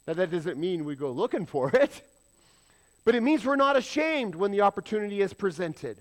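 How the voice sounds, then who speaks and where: A man delivering a sermon in a high voice. He preaches with emphasis and fires rhetorical questions at his listeners. At times he drops to a hushed, almost whispered delivery. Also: big pitch swings, normal speed. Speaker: pastor.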